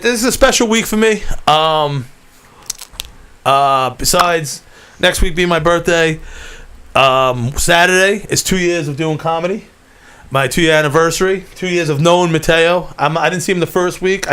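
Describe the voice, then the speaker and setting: A man's voice: on the high side, moderate pace, bright, forceful tone, clear, resonant tone. Laughing, rambling young New man. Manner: rambling, laughs often, swears a lot. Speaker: podcast host. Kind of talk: casual storytelling chat.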